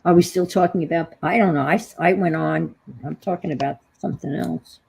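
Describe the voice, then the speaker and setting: A woman's voice: sits low, brisk, creaky, a little mellow, husky, low-quality recording. A woman with a New York accent hosting a casual crafting livestream, rambling and trailing off as she searches for words.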